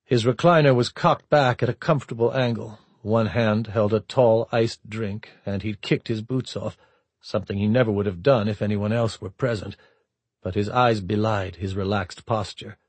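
Husky man narrating an audiobook. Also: on the low side, steady tone, normal speed, dry recording. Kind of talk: scripted narration.

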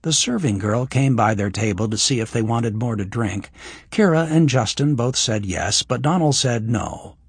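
Male audiobook narrator, husky, lively intonation, dry sound. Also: medium pitch, normal speed, no room sound. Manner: even storytelling, voices the characters. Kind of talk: scripted narration.

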